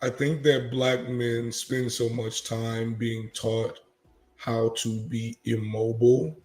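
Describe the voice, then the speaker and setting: A man hosting a podcast, speaking in a measured, thoughtful way. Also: medium pitch, level tone, darkish tone. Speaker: podcast host. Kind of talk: casual conversation. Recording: echoey room.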